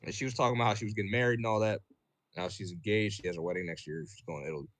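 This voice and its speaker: A man on a podcast telling a story in casual chat, profane and animated, full of fillers and "bro". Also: fairly low pitch, very fast.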